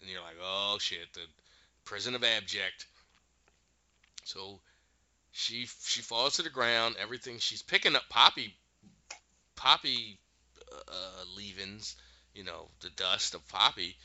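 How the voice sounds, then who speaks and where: A man's voice: fairly low pitch, animated, measured pace, pushed and bright, highs cut off. A man casually recapping a show, animatedly retelling scenes and acting out the characters' lines. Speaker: podcast host recapping a show.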